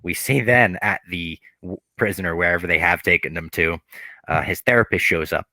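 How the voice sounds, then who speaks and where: A low-voiced man talks through a TV episode on a casual podcast, recorded dry and close to the mic. He tells it with energy and drops into brief impressions of the characters as he goes. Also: moderate pace, dry recording. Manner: animated retelling, acts out quoted characters. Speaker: podcast co-host.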